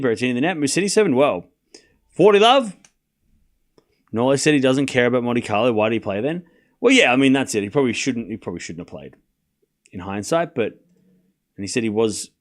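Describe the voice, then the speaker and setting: A young man hosting a live tennis watchalong, chatting casually with his stream chat and calling the score in a rambling way. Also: mid-range voice. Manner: chatty, rambling, with fillers and restarts.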